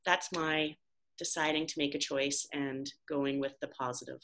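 Young woman, bright tone, lively anecdote with acted-out lines. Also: low voice, moderate pace. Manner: animated storytelling with acted-out exclamations. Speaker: guest speaker. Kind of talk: personal anecdote.

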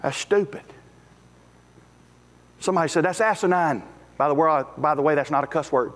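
A man's voice: fairly high pitch, moderate pace. A man, preaching a sermon as pastor in a folksy, emphatic way. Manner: folksy, emphatic, rising to shouts at climaxes. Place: church sanctuary. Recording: echoey hall with faint music.

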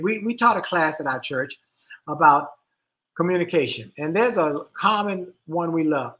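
A middle-aged man co-hosting a relationship talk show, speaking in an animated, emphatic way and often repeating words as he thinks. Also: a little high, normal speed. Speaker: co-host.

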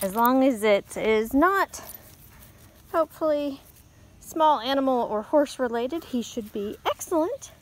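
A woman volunteering at an animal rescue, talking to an adoptable dog in high sing-song baby talk. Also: animated, unhurried. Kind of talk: cooing at a dog in a rescue video.

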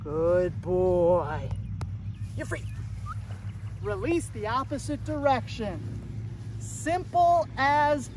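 A man with a strikingly high voice, unhurried and easygoing, coaching viewers through puppy training outdoors. He sounds upbeat and encouraging and keeps breaking off to praise the dog. Faint traffic hums in the background. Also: lively intonation. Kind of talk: casual training tutorial.

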